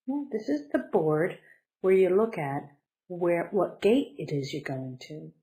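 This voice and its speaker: A woman teaching a beginner English lesson, speaking slowly and deliberately and stressing syllables to model pronunciation. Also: fairly low pitch, sing-song, mellow, low-quality recording.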